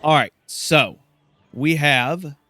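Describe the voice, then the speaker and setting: A young man hosting a let's play, casually thinking aloud and reacting excitably. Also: on the high side, extremely slow, no room sound. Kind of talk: gameplay commentary.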